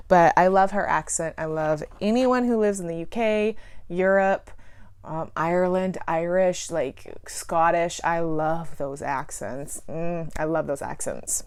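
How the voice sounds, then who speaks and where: A woman's voice: lowish voice, measured pace, a little mellow, clear, resonant tone. A woman chatting casually in a plant vlog, giggling often and rambling through self-deprecating asides. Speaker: plant YouTuber.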